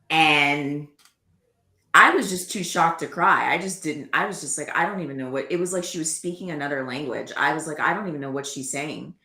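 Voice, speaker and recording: A woman guest recounting her own life story in conversation, earnest and animated, often acting out what people said to her. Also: low voice, fairly quick, reverberant. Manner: earnest, animated retelling with quoted dialogue.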